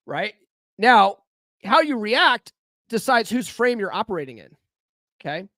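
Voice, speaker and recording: With a bright, forceful, high voice, this man talks at a measured pace in a sing-song way. Alone on his casual podcast about dating and self-improvement, he's blunt and profane, forever asking "right?" and pressing listeners with rhetorical questions. The recording is dry and studio quality.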